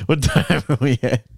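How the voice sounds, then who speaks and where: A young man co-hosting a casual podcast, laid-back and jokey, giggling often. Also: mid-range voice. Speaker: podcast co-host.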